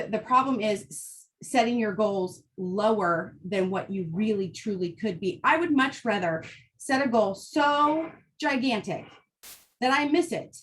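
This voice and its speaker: A high-pitched woman talks casually and with real fire, driving home her points bluntly. She keeps asking "right?" to pull her listeners along. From United States. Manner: fired-up, blunt, emphatic with frequent "right?". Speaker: host. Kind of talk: casual motivational talk.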